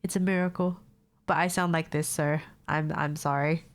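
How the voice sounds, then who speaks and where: A young woman streaming from home with a congested, nasal voice from a cold. She chats loosely with her viewers, swears casually and laughs a lot, her voice sitting a bit low. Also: fairly even intonation, moderate pace. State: stuffed-up nose from a cold.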